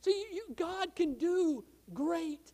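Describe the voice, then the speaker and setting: Impassioned preacher man, high voice. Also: lively intonation, slow. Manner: impassioned preaching, swings from hushed to loud. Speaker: pastor. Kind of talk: sermon.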